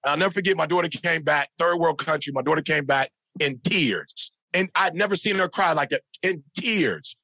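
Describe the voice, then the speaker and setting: A middle-aged man speaks as a motivational speaker on a podcast, with a high voice and a gravelly, sharp edge. He tells his stories emphatically, like a preacher, hammering home phrases by repeating them. The sound is close and dry. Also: moderate pace, hardly any pauses, dry recording. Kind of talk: animated storytelling in a podcast interview.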